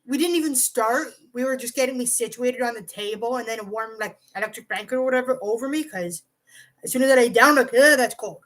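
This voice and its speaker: A vlogger with a fairly high voice talks fast over a low-quality recording, telling a profane, rambling storytime to her camera. She's animated, says "like" constantly and jumps between side tangents.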